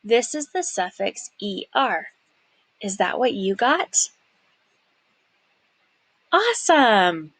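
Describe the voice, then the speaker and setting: Slow, encouraging woman teaching phonics. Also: mid-range voice, very animated, fairly bright tone, no room sound. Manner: encouraging, carefully sounds out words; whispers words while repeating them. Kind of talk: slow, clear phonics lesson.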